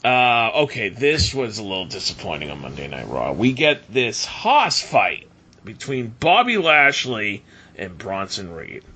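Lively-voiced man chatting on a podcast. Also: lowish voice, a little slow, breathy edge. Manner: animated, laughs often, trails off and restarts. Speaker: podcast co-host. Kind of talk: casual wrestling podcast chat.

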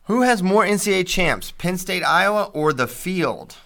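A man co-hosting a casual sports podcast, reading listener questions and recounting matches with animated detail. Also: high voice, normal speed, vocal fry. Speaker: podcast co-host.

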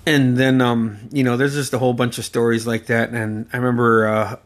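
A man in his forties rambles through casual stories about his late uncle, swearing freely and laughing mid-sentence. His medium-pitched voice keeps a level tone, and his speech is halting, full of fillers and restarts.

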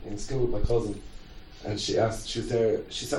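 A man, a comedian guest, telling a story in an animated, laughing way. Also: fairly low pitch, brisk, slight background noise. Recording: echoey room, distant mic, crowd.

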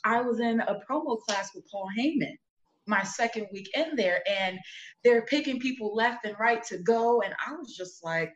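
A woman telling stories in a casual interview, animated and often laughing. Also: on the high side, moderate pace, reverberant, muffled recording. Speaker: interview guest, former wrestler. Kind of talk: casual storytelling.

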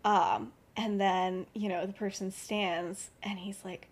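A woman's voice: mid-range voice, little pitch movement, slow pace. A young woman on a podcast, casually retelling her fan-fiction story, chatty and full of "like" and "um". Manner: chatty, full of "like" and "um", laughs often. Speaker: podcast co-host.

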